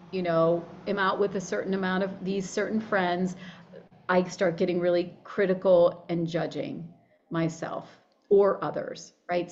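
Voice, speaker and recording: The recording is muffled, and the woman's voice sits at medium pitch with a slightly mellow quality. She's a body-image coach being interviewed as a guest, chatting animatedly, voicing her inner thoughts aloud and frequently starting sentences over.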